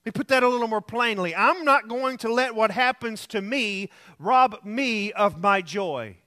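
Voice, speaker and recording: A man's voice: high-pitched, normal speed, pushed and bright. A male pastor preaching alone in a room, earnest and repetitive, telling anecdotes. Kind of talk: sermon.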